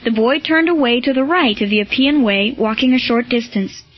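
A woman reading a historical novel aloud in a measured, steady narration. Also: a little high, muffled recording, faint music behind. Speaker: audiobook narrator. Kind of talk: scripted narration.

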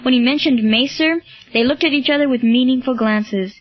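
A woman narrating an audiobook in a steady, clear storytelling manner. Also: high voice, fairly quick, no room sound. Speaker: audiobook reader. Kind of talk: scripted narration. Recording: dull lo-fi, dry.

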